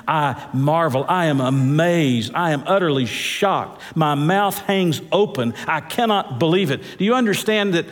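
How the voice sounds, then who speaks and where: A man preaching a sermon as pastor, swinging his pitch and drawing words out for emphasis. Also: expressive, unhurried. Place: large church hall. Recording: echoey church hall.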